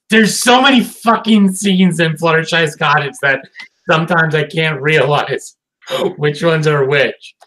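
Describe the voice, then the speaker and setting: A man's voice: fairly high pitch, a bit bright, low-quality recording. A man co-hosting a casual cartoon review chat. He sounds tired, swears often, and rambles with many fillers and restarts. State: tired, yawning late at night. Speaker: podcast co-host reviewing a cartoon episode.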